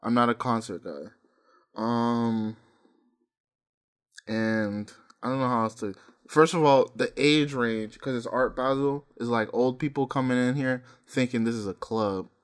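A young man co-hosting a podcast, casually telling stories, laughing often and breaking into loud impressions of hype men. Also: mid-range voice, steady tone, unhurried. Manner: laughing storyteller, mimics hype men with yells. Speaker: podcast co-host. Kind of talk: casual chat.

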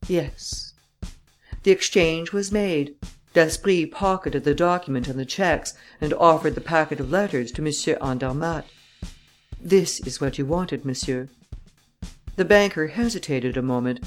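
A woman narrating an audiobook in a steady, measured way. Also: sits low.

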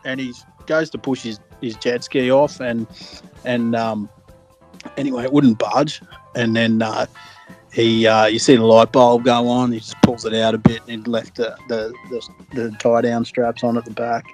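A man's voice: medium pitch, level tone, moderate pace, a little mellow, faint music behind. An Australian man co-hosting a casual podcast, blunt and sweary, laughing easily as he tells a story. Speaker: podcast co-host. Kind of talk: casual chat.

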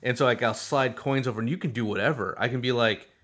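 A young man co-hosting a podcast, chatting casually and animatedly about board games with many fillers. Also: medium pitch. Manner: animated, fast, lots of fillers. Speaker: podcast co-host. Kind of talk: casual chat.

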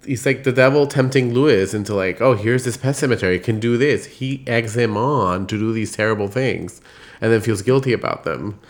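A podcast co-host chatting casually about a horror film, relaxed and quick to giggle. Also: medium pitch.

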